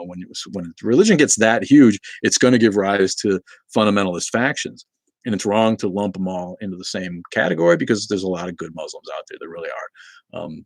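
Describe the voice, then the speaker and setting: Low-pitched male host, loose filler-heavy delivery, dry booth-like sound. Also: husky, dry recording. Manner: rambling, many fillers and restarts. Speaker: livestream host reading chat. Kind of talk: casual live-stream chat.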